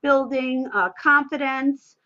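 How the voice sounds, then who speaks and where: A woman speech pathologist answers interview questions with a lively, playful manner. Her voice sits high and sounds bright and forceful. The video call audio is a bit dull and muffled. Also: takes it slowly.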